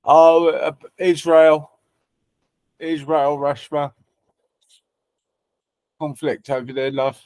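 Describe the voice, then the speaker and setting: Guy hosting a stream, cheeky and profane, fairly high voice, dry mic. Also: fairly even intonation, slow pace, pauses often, darkish tone, dry recording. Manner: teasing, banters with chat, swears freely. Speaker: livestream host chatting with viewers. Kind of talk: casual chat.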